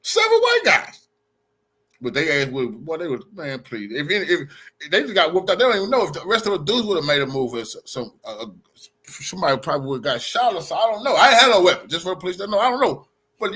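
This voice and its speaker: A man's voice: fairly high pitch, sharp tone, husky. A man streaming casual, rambling commentary, profane and boastful. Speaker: streamer and blogger.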